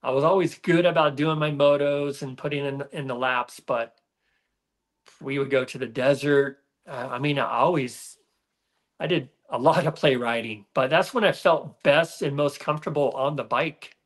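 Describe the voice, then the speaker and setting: A middle-aged man, a former racer, chatting as a podcast guest in a relaxed, rambling way with many fillers. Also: medium pitch, moderate pace. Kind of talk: casual podcast conversation.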